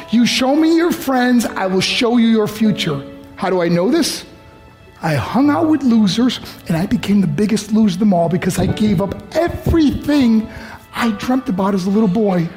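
A man from New York, a motivational speaker telling a personal story to high school students in earnest, vivid storytelling. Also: a little mellow.

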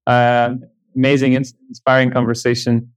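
Male podcast host, middle pitch, hesitant, halting delivery. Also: completely flat delivery. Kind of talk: casual interview chat.

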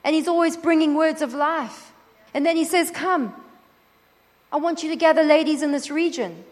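A woman preaching at a conference, lively and acting out quoted prayers and dialogue. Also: sits high, normal speed. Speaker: conference speaker. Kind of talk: sermon. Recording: long hall reverb.

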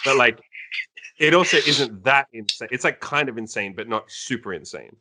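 A young man, a coach, telling a story in casual chat, animated and laughing, with many fillers. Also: medium pitch, moderate pace.

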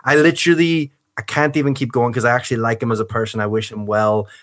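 A man's voice: medium pitch, fairly even intonation, fast talker, fairly bright tone. A man from the States with a partly Northern Irish accent, hosting a casual podcast with a chatty, joking manner and frequent laughs. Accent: American with a Northern Irish twang. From United States. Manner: chatty, laughs often, playful mock outrage. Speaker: podcast host.

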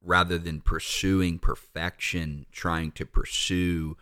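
A man's voice: sits low, flat delivery, slow, pushed and bright, smooth, no room sound, clean studio sound. A young man hosting a faith conversation, sharing a reflective personal testimony about parenting. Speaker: podcast host.

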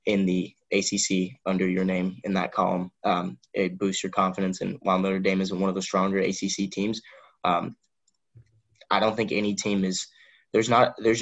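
A man's voice: low voice, creaky, poor audio. A man co-hosting a podcast, talking basketball in a rambling casual chat with many restarts. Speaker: podcast co-host.

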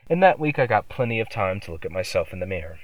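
A man narrating a scripted horror story in the first person, quiet and measured. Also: deep voice, sing-song, no room sound, far from the mic, low-quality recording.

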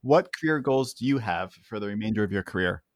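Measured low-voiced male podcast host. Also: lively intonation, no echo, studio quality. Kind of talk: reading prepared interview questions.

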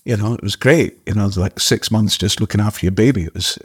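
An older man, an actor guest, telling a story casually in a halting way, with restarts and the odd casual swear. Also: lowish voice, slightly rough.

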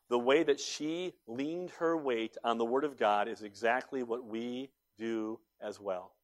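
A man preaching a sermon in a church, dropping to a hush and rising to loud, urgent appeals. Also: medium pitch. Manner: preaching with big swings between hushed and loud. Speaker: pastor.

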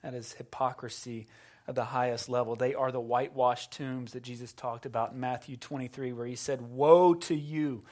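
A middle-aged man preaching a sermon in a mid-range voice. He delivers it dramatically, rising to loud emphasis and then falling to hushed, slowed lines. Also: mid-range voice, flat delivery. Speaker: pastor.

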